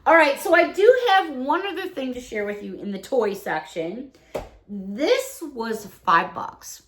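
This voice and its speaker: A cheerful middle-aged woman talks casually to her viewers while opening her haul. Her voice sits fairly high and swings lively up and down, and she gushes over each find. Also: measured pace, slight background noise. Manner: chatty, cheerful, exclaims over items. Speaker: vlogger. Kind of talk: casual haul unboxing chat.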